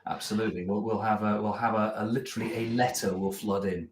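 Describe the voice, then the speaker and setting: Man co-host for a business chat show, relaxed and self-deprecating, recorded in a roomy office. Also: fairly low pitch, fast, slight background noise. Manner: chatty, self-deprecating, many fillers. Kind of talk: casual live-stream chat.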